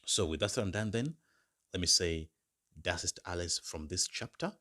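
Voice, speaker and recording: A man teaching basic German phrases in a lesson, saying each phrase slowly several times and then giving the English meaning. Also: low-pitched, expressive, bright, forceful tone. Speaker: German language tutor. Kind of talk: slow, repeated language lesson.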